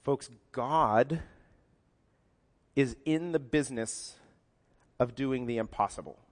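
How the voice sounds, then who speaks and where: A man's voice: medium pitch, takes it slowly. A man preaching a sermon, talking conversationally and acting out quoted lines in different voices. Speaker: pastor. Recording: long hall reverb.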